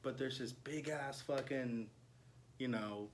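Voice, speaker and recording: A man's voice: mid-range voice, takes it slowly. A man on a comedy podcast bluntly telling a crude story in a casual, swearing way. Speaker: podcast co-host. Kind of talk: casual chat.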